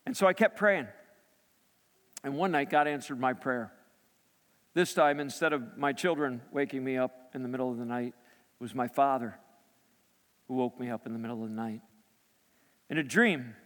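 A man's voice: medium pitch, moderate pace, long pauses. Man preaching in a reverberant hall. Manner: storytelling, dramatic shifts between loud and hushed. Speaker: pastor. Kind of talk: sermon.

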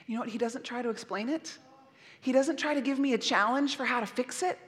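A middle-aged woman pastor preaches a sermon in an earnest, gentle way. Her high voice carries a long echo from the church hall. She turns soft and soothing now and then. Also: a little fast.

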